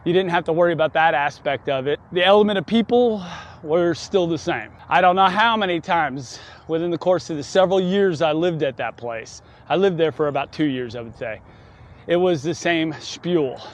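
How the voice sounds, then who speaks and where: A man's voice: fairly high pitch, moderate pace. A man telling a story in a casual vlog while riding a bike outdoors, chatty and wry with frequent chuckles. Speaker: vlogger. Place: outdoors on city streets, riding a folding bike.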